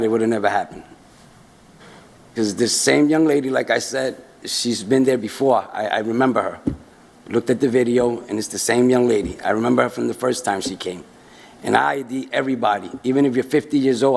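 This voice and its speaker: A man's voice: mid-range voice, gravelly, long reverb tail. A store employee speaking earnestly at a public hearing, explaining himself and repeating his points. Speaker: store employee addressing board. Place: city council chamber.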